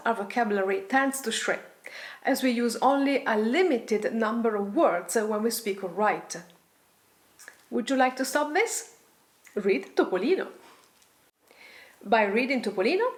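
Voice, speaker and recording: A woman teaching a language lesson, reading example phrases aloud and then translating and explaining them. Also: fairly high pitch. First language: Italian.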